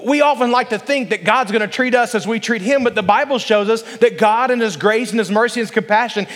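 A male pastor with a notably high voice delivers an earnest sermon. He slows to a deliberate pace over scripture and draws the congregation into answering. His words ring out with a long reverb from a large church hall. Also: fairly bright tone. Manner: earnest preaching, slows down to read scripture aloud, asks the congregation to respond.

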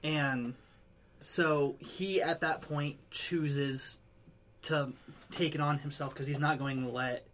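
A man talking casually with friends, going into detail with an eager, fairly high voice. He explains things step by step and keeps the conversation moving. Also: steady tone, slow, fairly bright tone. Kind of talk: casual chat.

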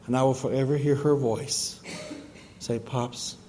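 A male pastor delivering a sermon, speaking gently and slowly, with moments of rising fervent emphasis. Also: medium pitch, fairly even intonation, long reverb tail, background noise. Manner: soft, slow, then rising to fervent emphasis. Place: church sanctuary.

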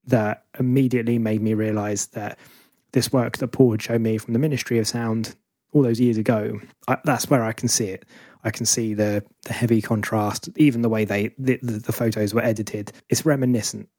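A man's voice: mid-range voice, mellow, no room sound, clean studio sound. A man hosting a podcast interview, thoughtful and self-deprecating, often restarting his sentences. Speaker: podcast host. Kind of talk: conversational interview.

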